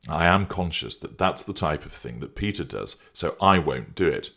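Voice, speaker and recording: A man's voice: rumbling low, animated, normal speed, creaky, a bit bright, full character voice. A man voicing an anxious, pleading man who is desperate to hold on to his partner, in an audiobook reading. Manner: pleading, defensive.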